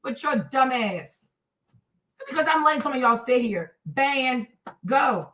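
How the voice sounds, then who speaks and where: A woman in her thirties hosting a livestream, ranting at her chat in a combative, profane, mocking way with loud, emphatic repetition. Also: high voice, lively intonation, a little slow. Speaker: livestream host.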